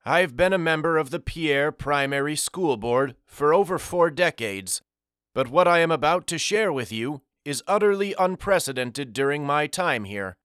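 A man's voice: a little high, animated, normal speed, a bit bright, clean tone, no echo, studio quality, pitched above the performer's own voice. A man voicing a stern elderly male school board member with an airy voice and a commanding, formal manner. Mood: formal, grave.

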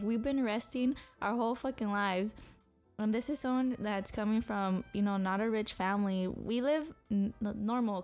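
A woman's voice: mid-range voice, darkish tone. A young woman co-hosting a podcast, talking alone in a blunt, profane, self-motivating monologue. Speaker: podcast co-host.

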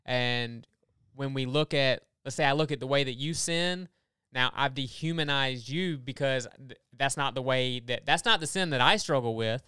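A man co-hosting a casual Bible study talk, explaining earnestly and speeding up in quick asides. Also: medium pitch, pushed and bright, smooth, no echo, clean studio sound. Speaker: podcast co-host.

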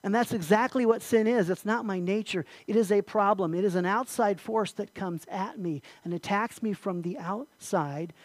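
A man preaching an earnest sermon as pastor, repeating key phrases and sometimes clearing his throat. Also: high voice, normal speed, few pauses, no echo, poor audio.

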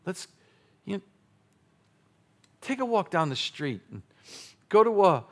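A male pastor preaching a sermon, playful and animated, with sudden loud exclamations. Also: high voice, takes it slowly.

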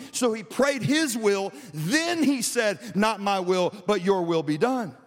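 Preaching in a large auditorium with long reverb, this high-voiced man starts out telling stories casually and then breaks into loud shouting, straining his throat slightly. His sermon is animated, a little slow, with few pauses.

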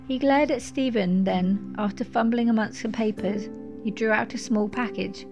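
A woman reading a storybook aloud, in a measured and expressive way. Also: a little high, dull audio, over music.

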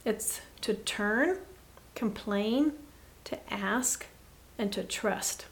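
Earnest soft-spoken woman guest. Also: medium pitch, very slow. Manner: earnest, reflective, often drops to a soft hush. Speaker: podcast guest. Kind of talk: personal faith talk.

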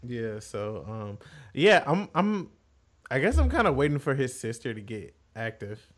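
A man's voice: medium pitch, sing-song, a little slow. A man in casual podcast chat, laid-back, laughing often and acting out quotes in other voices. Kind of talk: casual chat about an anime.

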